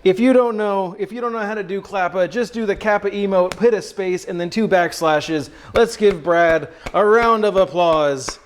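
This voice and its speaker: A high-voiced man hosting a cooking livestream from his home kitchen. He talks in a loose, chatty way, speaking straight to his viewers. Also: moderate pace, hardly any pauses, clean tone. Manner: chatty, addresses chat directly. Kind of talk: casual livestream chat.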